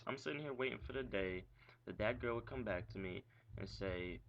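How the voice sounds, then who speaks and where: A young man rants into his camera about a breakup, agitated and profane, circling back with "like" and pointed questions. His voice is bright and forward, captured as dull, lo-fi webcam audio with a faint hiss underneath. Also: lowish voice, moderate pace. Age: young adult. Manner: agitated, profane ranting with frequent "like". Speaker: vlogger venting about an ex. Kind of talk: ranting vlog monologue.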